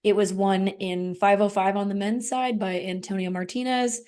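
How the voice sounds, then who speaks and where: A woman's voice: medium pitch, moderate pace. Woman on a podcast chatting easy, lots of ums and likes. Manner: relaxed, many fillers and likes. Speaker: podcast co-host. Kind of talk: casual podcast chat.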